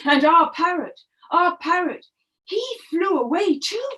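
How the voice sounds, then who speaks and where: A woman storyteller telling a story to young children, expressive and animated, asking them questions as she goes. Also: extremely high pitch, measured pace, noisy background.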